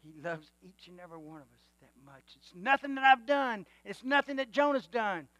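A male preacher delivering a sermon, swinging from quiet musing to loud exhortation and calling for amens. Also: extremely high pitch, expressive, a little fast, dry recording, lo-fi sound.

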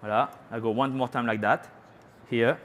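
French-accented chef, chatty live demo. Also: male voice, mid-range voice, steady tone, moderate pace, a bit bright, slight background noise. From France. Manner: chatty, teasing the audience, sprinkles French phrases. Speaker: chef giving a cooking demo. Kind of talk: live cooking demonstration. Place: trade show cooking stage.

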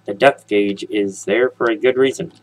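A man's voice: lowish voice, fairly even intonation, moderate pace, no room sound, low-quality recording. A man hosting a casual let's play, rambling and joking as he talks straight to his viewers. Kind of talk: casual gameplay commentary.

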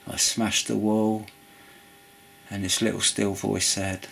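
A man's voice: on the low side, level tone, slow pace, vocal fry, fairly bright tone, slight background noise. A man giving an earnest, rambling spoken testimony about forgiveness, full of restarts and asides. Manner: rambling, earnest, with frequent restarts and "you know". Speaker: Christian video preacher. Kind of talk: informal spoken testimony and preaching.

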